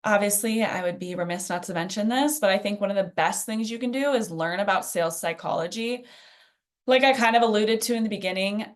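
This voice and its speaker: A woman's voice: medium pitch, a little fast. A woman presenting a live workshop in a chatty, conversational way, full of fillers and asides. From Phoenix. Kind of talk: casual teaching in a live workshop.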